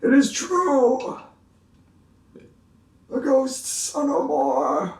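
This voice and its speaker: A man voicing a pompous, dreamy middle-aged councilman who talks in a drawn-out, theatrical way. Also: extremely high pitch, huge pitch swings, darkish tone, pitched above the performer's own voice, heavily acted. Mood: solemn. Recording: roomy room, distant mic.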